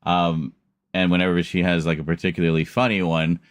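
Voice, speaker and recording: A man's voice: deep voice, flat delivery, fairly quick, no room sound. A man streaming a casual chat, telling a long story in a rambling way with laughs and restarts.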